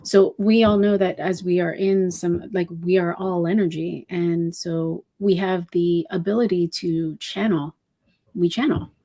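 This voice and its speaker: A woman with a lowish, warm and mellow voice leads a spiritual channeling talk. She speaks in a gentle, meandering way, reflecting aloud with many soft fillers. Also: steady tone, a little slow. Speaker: numerology reader and channeler.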